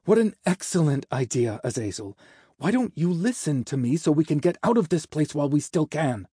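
A man's voice: on the high side, lively intonation, fairly quick, mellow, breathy edge, no room sound, clean studio sound. A man reading a story and voicing a stern, commanding male angel who scolds and hisses. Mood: mocking. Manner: hissing, scolding. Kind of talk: audiobook character voice.

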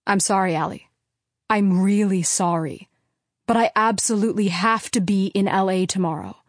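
A woman reading a brusque, loud father. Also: medium pitch, normal speed, no room sound, clean studio sound, lightly acted. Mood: apologetic. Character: father, businessman, defensive and brusque. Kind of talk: audiobook character reading.

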